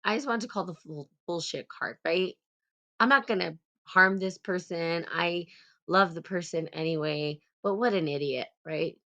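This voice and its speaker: A woman hosting a casual live talk, blunt and animated, swearing freely as she calls people out. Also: lowish voice, moderate pace, highs cut off. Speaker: host.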